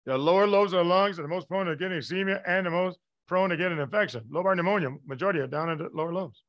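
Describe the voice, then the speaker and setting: Lively man lecturing a class. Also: high voice, very fast, muffled recording. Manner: lively, emphatic, asks the class questions. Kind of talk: live online lecture.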